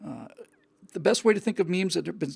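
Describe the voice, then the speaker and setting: A man's voice: sits high, brisk, gravelly, breathy edge, no echo. A male show host giving an earnest opinion monologue, often repeating words and restarting his sentences.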